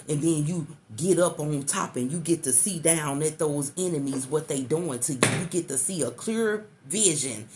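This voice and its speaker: Middle-aged woman, tarot reader, low voice, coaxing and repetitive, faint noise behind. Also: darkish tone. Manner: repetitive, coaxing, calls listener baby. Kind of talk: intuitive tarot reading to the viewer.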